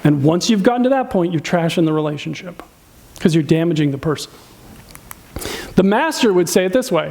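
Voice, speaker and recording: With an expressive, darkish voice on the high side, a pastor speaks a little fast but leaves long pauses in a sermon on relationships. He addresses the congregation conversationally with questions and voices spouses' complaints in a raised tone.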